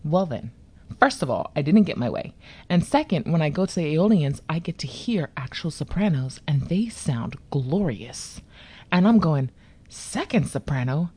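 A woman telling a story in a relaxed chat, lively and playful, acting out the people she talks about. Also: low-pitched. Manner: lively, animated, acts out voices in her story.

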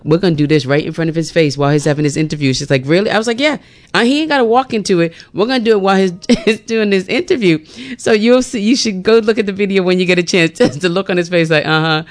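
A woman's voice: deep voice, clear, resonant tone. A woman morning radio host chatting casually on air and often laughing at herself.

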